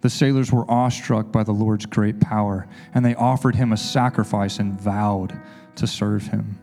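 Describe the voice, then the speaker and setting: A man reading scripture aloud in a steady, measured way to a congregation. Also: on the low side. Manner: steady, measured reading with raised voice for quoted speech. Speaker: scripture reader.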